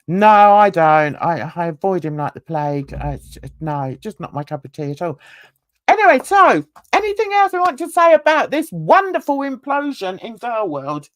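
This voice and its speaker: Lively, chatty woman host. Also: medium pitch, normal speed, no echo, clean studio sound. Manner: chatty, rambling, with many fillers. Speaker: livestream host. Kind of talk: casual panel chat.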